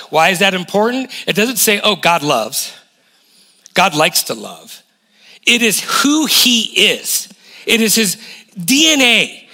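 A man in his forties preaching a lively sermon as a guest pastor, emphatic and full of rhetorical questions. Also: high voice. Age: 40s.

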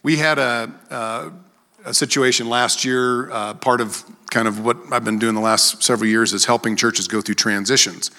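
A man preaches in a loose, conversational way, telling stories and jumping up in pitch to play the people in them. His voice is bright and forceful, and it rings out with a long reverb, as in a big hall. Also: fairly even intonation, moderate pace. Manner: storytelling, acts out quoted voices with sharp rises in pitch. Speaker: preacher and worship leader. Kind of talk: conversational sermon.

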